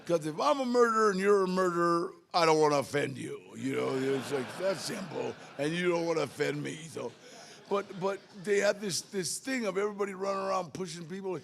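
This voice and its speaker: Gravelly man sharing his recovery story at a meeting, streetwise and animated in the dialogue. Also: high-pitched, brisk. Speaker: AA speaker.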